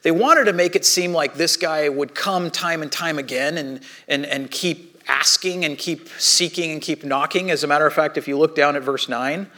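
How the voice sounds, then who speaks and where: High-voiced animated male pastor. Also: moderate pace, few pauses. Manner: animated storytelling, acting out quoted voices; conversational with frequent restarts. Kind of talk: sermon.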